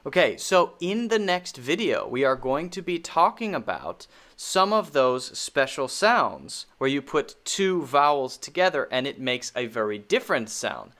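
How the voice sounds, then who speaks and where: A man with an American accent teaching a pronunciation lesson, modeling vowel sounds slowly and repeating words for learners. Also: medium pitch, big pitch swings, a bit bright.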